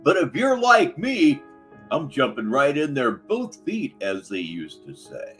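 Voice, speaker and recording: A man's voice: fairly high pitch, huge pitch swings, measured pace, fairly bright tone, soft background music. A man hosting a live stream, commenting sarcastically on clips between chats with viewers. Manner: sarcastic, mocking asides. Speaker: livestream host.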